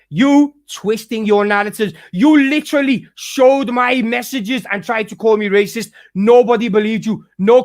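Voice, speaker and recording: An angry man with a very high voice tears into an online rival in a profane vlog rant. He stumbles and restarts his sentences, repeating himself as he builds his case. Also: no echo, clean studio sound. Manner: heated, profane, repetitive restarts. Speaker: YouTuber calling out a rival.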